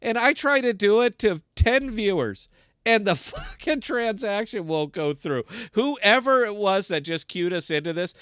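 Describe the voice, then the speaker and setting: A man hosting a live stream, fired up and profane as he rants about what annoys him. His voice sits a little high for a man, and the sound is close and dry. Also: measured pace, smooth, no echo. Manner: profane, excitable ranting. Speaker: livestream crypto host. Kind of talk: live-stream chat and rant.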